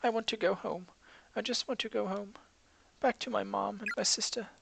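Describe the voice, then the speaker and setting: Reader doing a scared teen schoolgirl, raised pitch, pleading, soft, game dialogue read aloud, steady hiss. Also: normal speed, vocal fry. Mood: shaken, homesick. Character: frightened teenage schoolgirl, weary and homesick. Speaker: teenage schoolgirl character.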